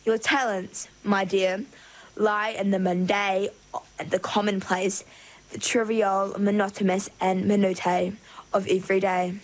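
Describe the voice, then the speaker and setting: A haughty female mermaid who runs a shop, put on by a woman reading a storybook. She speaks in a pompous, sugary tone, belittling anyone beneath her. Her pitch sits in a middle range. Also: flat delivery, unhurried, close to an everyday voice, low-quality recording. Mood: condescending.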